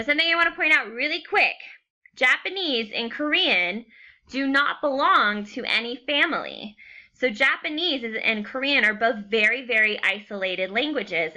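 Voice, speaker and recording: A woman's voice: a little high, lively intonation, normal speed, bright, forceful tone. A young woman teacher giving a recorded class lecture, chatty and casual, often checking in with "okay". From United States.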